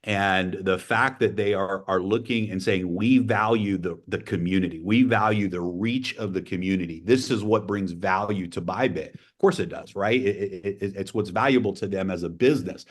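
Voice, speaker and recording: A man's voice: low-pitched, moderate pace, hardly any pauses. Enthusiastic man hosting a community call. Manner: enthusiastic, repeats himself.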